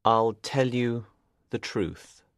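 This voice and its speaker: A man voicing a calm, smooth and evasive gentleman in an audiobook. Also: mid-range voice, dry recording, studio quality, pitched above the performer's own voice. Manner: calm, measured.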